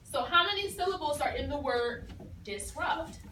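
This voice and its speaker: A woman's voice: sits high, lively intonation, normal speed, noisy background. A woman teacher leading a phonics lesson, patiently asking questions and repeating the pupils' answers. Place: classroom. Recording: echoey classroom from far off.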